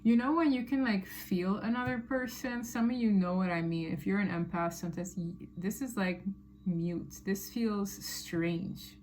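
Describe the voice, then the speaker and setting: A woman's voice: medium pitch, measured pace, darkish tone, a little hiss or hum. A woman giving a casual tarot reading to her viewers, chatty and emphatic, with slangy asides. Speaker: tarot reader.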